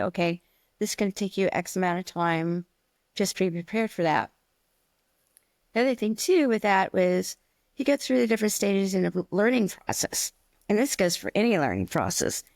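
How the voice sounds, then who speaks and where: A woman co-hosting a casual podcast chat, telling animated stories about teaching stained glass classes and acting out her students' worries. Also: medium pitch, no echo. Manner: chatty, animated storytelling with acted-out quotes.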